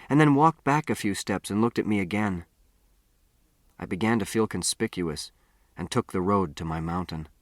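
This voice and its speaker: Man, audiobook narration, measured storytelling, lowish voice, dry close sound. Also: dry recording. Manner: measured first-person storytelling, quieter on reflective lines. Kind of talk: scripted narration.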